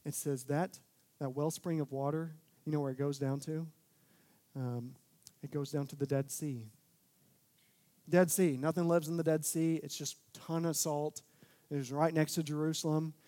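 A young man preaching a sermon, talking casually, then building to loud, emphatic peaks. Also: fairly high pitch, fairly even intonation, moderate pace. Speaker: pastor.

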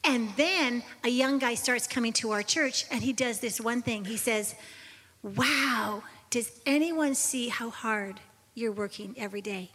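A woman sharing a personal testimony on a Christian talk show, earnest and confessional, at times dropping to a soft whisper. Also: on the high side, a little slow, in a large hall.

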